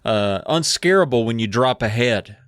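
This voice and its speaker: A man's voice: medium pitch, lively intonation, moderate pace, a bit bright, no echo, clean studio sound. A man co-hosting a podcast, recapping a book in a rambling, sarcastic way. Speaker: podcast co-host. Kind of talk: casual comedic book recap.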